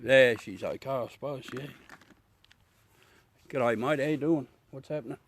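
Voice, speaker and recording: A middle-aged Australian man hosts a livestream, chatting casually and bluntly with viewers, swearing and calling everyone mate. His voice sits at a medium pitch and moves at a moderate pace.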